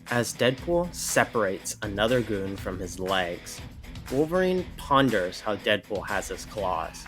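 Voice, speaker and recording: A man narrating a comic book story with a steady, even reading. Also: lowish voice, unhurried, over music.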